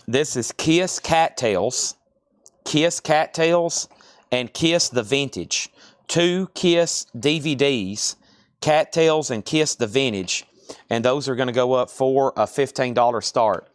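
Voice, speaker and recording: Brisk man hosting a live record sale. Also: mid-range voice, dry recording, studio quality. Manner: brisk, chatty, announcing prices and buyers. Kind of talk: live online sales patter.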